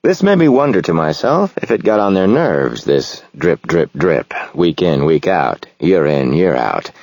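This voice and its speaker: A man narrating a novel in the first person, reflective and measured. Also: low voice, big pitch swings, darkish tone, no echo, muffled recording. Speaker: audiobook narrator.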